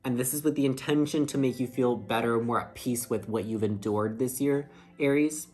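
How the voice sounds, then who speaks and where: Male tarot reader, tired, casual and earnest, lots of fillers, middle pitch. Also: fairly even intonation, moderate pace, darkish tone. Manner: chatty, filler-heavy, heartfelt. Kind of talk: casual tarot reading monologue. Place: indoors under a ring light.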